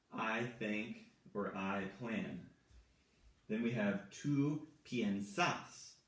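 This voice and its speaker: Slow, patient male teacher in an echoey room. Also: fairly low pitch. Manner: slow, patient, repeats each form. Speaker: Spanish teacher. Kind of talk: whiteboard grammar lesson. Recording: echoey room, mic far off.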